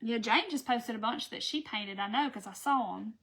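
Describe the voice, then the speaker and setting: Bright, chatty woman crafting live. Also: fairly high pitch, normal speed. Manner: chatty, folksy, talks to viewers as she works. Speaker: craft channel host.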